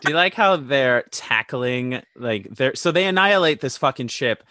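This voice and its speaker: A man's voice: mid-range voice, lively intonation, normal speed, sharp tone, dry recording, studio quality. A man co-hosting a casual movie podcast, rambling and swearing as he recaps the plot between laughs. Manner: laughing, profane, rambling storytelling. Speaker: podcast co-host.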